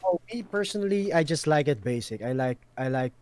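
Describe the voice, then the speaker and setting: A man chatting casually on a stream, giving relaxed, short replies. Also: a little high, brisk, no echo. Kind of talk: casual chat.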